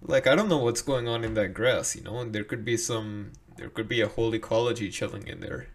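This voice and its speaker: A man co-hosting a casual podcast, relaxed and quick to laugh as he shares his own experiences. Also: medium pitch. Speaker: podcast co-host. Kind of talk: casual chat.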